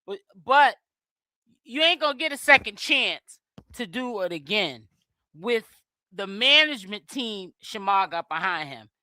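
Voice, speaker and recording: A woman's voice: mid-range voice, expressive, a little slow, sharp tone, no echo, rough recording. A woman hosting a gossip livestream who gives her opinions and talks straight to the chat. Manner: opinionated, addressing the chat directly.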